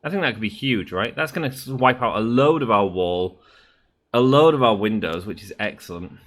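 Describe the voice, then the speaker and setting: Bright-voiced man chatting over gameplay. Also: fairly low pitch, expressive, a little fast. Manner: chatty, rambling, thinks aloud with many fillers. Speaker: gaming YouTuber. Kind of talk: casual gameplay commentary.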